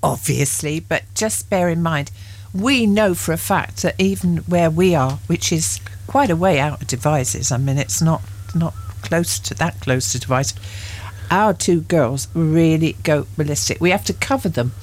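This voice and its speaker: A middle-aged woman co-hosts local radio, chatting and teasing her partner. Her voice sits low for a woman, and her talk is relaxed and playful. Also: unhurried. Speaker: radio co-host. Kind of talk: casual radio chat.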